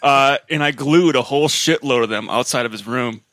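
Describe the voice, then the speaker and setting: A man telling a profane anecdote in a relaxed way during a casual chat. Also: medium pitch, brisk, no room sound.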